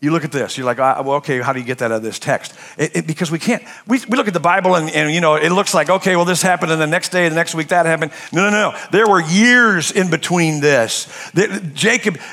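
Male pastor, sermon delivery, slightly high gravelly voice, loud-soft dynamic swings. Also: moderate pace. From United States. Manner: impassioned preaching, swinging from shouts to hushed tones.

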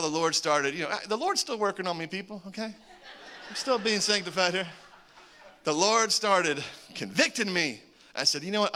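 A man in his forties preaching a sermon as a humorous, animated story, often chuckling between lines. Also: a little high. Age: 40s. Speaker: pastor.

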